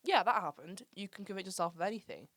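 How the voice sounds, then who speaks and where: A woman's voice: medium pitch, animated, fast talker, fairly bright tone, no room sound. A woman from England in her twenties, hosting a casual chat and telling stories, full of "like" and "um". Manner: chatty storyteller, lots of "like" and "um". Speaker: podcast host.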